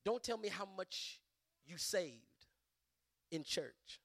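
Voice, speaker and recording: A middle-aged man preaching a sermon as a bishop, impassioned, surging to loud emphatic peaks, with stammering restarts and repeated words. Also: high-pitched, lively intonation, slow, dry recording.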